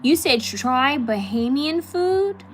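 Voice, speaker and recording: A woman's voice: high-pitched, very animated, soft background music. A woman from California hosting a live stream, chatting casually and giggling as she answers viewer comments. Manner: chatty, giggly, with many fillers and quick repeats.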